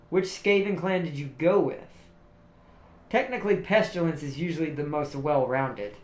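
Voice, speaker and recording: A man hosting a livestream, chatting casually and laughing often, rambling with restarts. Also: high voice. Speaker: livestream host. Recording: roomy echo, faint music behind.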